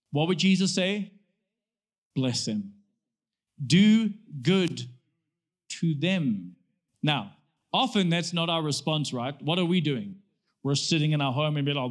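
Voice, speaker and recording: A man preaching a sermon in a casual, conversational way, asking rhetorical questions and acting out quoted comebacks. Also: a little high. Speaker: pastor.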